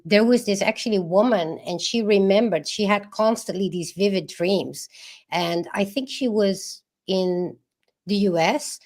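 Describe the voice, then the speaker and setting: A woman podcast co-host in casual conversation, giving brief agreeing replies and telling an anecdote. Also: lowish voice. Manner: chatty, with brief agreeing replies and some fillers.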